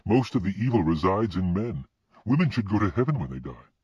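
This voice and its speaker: A man's voice: low voice, big pitch swings, fairly quick, darkish tone, slightly rough, no room sound, pitched above the performer's own voice, heavily acted. A man voicing an earnest, urgent Death. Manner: earnest and pleading. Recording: dull lo-fi recording.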